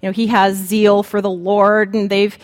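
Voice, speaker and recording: A woman preacher giving a sermon, speaking slowly and dramatically with long pauses. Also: mid-range voice, little pitch movement, long reverb tail.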